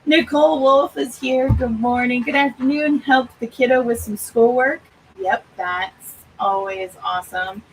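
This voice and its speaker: A woman's voice: a little high, steady tone, a little slow, slight background noise, low-quality recording. A middle-aged woman hosting a writing-sprint livestream, chatting in an upbeat way and laughing often. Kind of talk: casual live-stream chat.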